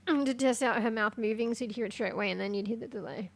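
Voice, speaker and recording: A woman streams a game in loose, casual chat. Her voice sits somewhat high, and she is easily excited and swears without thinking. She drops into quiet muttering and then bursts out loud. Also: a little fast, vocal fry. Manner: jumps between quiet muttering and loud outbursts. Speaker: live streamer.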